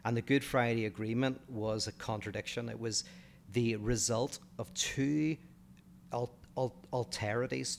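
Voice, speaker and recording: A man's voice: medium pitch, gravelly, a little hiss or hum. A man from Northern Ireland with a Northern Irish accent, co-hosting a casual podcast and talking through philosophical ideas in a thoughtful way, often restarting mid-phrase.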